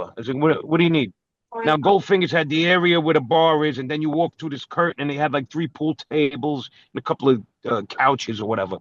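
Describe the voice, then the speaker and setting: Brash Brooklyn podcast co-host, profane storyteller, slightly high voice, dry close sound. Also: male voice, quick pace, no room sound. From New York. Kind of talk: casual storytelling chat. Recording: dull, dry lo-fi recording.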